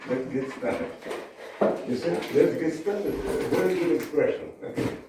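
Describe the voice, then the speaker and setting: A man with a Russian accent teaching an English lesson in a classroom, speaking slowly and simply and often asking "you see?". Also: on the high side, heavy background noise. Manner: slow, repetitive, keeps asking "you see?". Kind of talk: slow classroom lecture to students. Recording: echoey room, distant mic.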